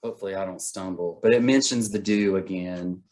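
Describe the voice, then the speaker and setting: A poet reading his own poems aloud in a measured, deliberate way, with brief chat between poems. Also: low voice, a little mellow. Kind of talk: poetry reading.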